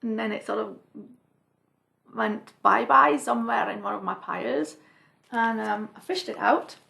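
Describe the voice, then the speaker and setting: Chatty woman with a gravelly edge. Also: fairly high pitch, steady tone, measured pace, bright, forceful tone. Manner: chatty and rambling, with many asides. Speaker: cross-stitch vlogger. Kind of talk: casual chat to camera.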